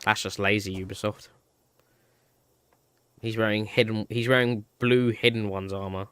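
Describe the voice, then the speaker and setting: A man's voice: on the low side, little pitch movement, moderate pace, fairly bright tone, clear, resonant tone. A man giving casual, chatty commentary while playing a game, talking offhand to himself.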